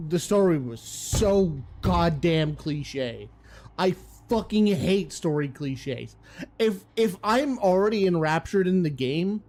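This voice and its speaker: A man's voice: a little high, a little mellow. A man streaming a game, ranting with profane exasperation in casual commentary.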